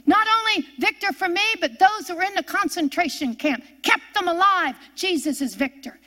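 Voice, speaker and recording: A woman's voice: very high-pitched, expressive, normal speed, sharp tone. An older woman preaching a fervent sermon, repeating her refrains and telling stories from her own life.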